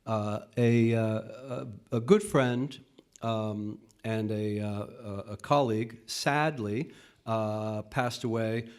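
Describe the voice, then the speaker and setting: A man with a Northeastern US accent introduces a poem with many halting fillers, then reads it aloud at an open mic. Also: on the low side, fairly even intonation, a little mellow, clean tone. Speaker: poetry reader at an open mic. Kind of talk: casual spoken intro and poetry reading. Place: event space at a college.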